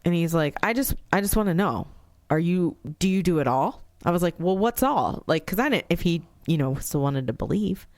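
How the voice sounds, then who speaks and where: A woman's voice: lowish voice, animated, fairly quick, few pauses, a little mellow, no echo, studio quality. A middle-aged woman, a podcast co-host, telling a family story in casual chat, acting out the voices of people she quotes and swearing freely.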